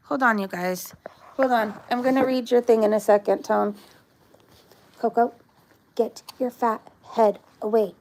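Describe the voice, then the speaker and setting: A woman's voice: on the high side, moderate pace. A woman vlogging live from her backyard, chatting in a meandering way and breaking off to scold her dog. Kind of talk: casual rambling chat. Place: backyard, outdoors.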